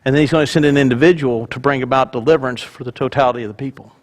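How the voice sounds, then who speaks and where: A man's voice: medium pitch, steady tone, racing. A male pastor giving a conversational sermon with joking asides.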